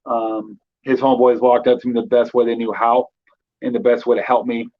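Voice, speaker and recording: A man's voice: mid-range voice, little pitch movement, fairly quick, phone-quality sound. A man in his thirties from Northern California, a guest telling his life story in loose casual talk with many fillers. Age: 30s.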